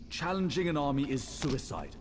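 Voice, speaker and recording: A stern soldier officer in a game. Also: male voice, on the high side, big pitch swings, slight background noise. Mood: grave. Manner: grave, measured briefing. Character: stern male soldier officer giving orders. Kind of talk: video game dialogue.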